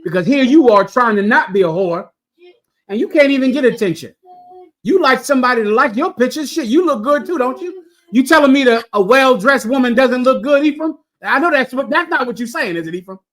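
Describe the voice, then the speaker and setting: A man's voice: very high-pitched, expressive, a little fast, fairly bright tone. A man preaching to a room in a blunt, crude and scolding way, firing pointed questions at his listeners. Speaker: preacher lecturing a class. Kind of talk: preaching commentary.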